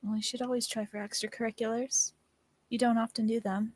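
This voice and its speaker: Woman, fairly high voice, hesitant, stammering, role-play narration, dry sound. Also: flat delivery, a little fast, a little mellow, dry recording. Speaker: tabletop game player.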